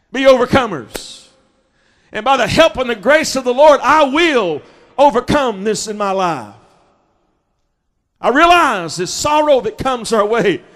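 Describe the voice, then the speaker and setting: A man preaching an impassioned sermon as pastor, calling out to the congregation and rising to shouts. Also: extremely high pitch.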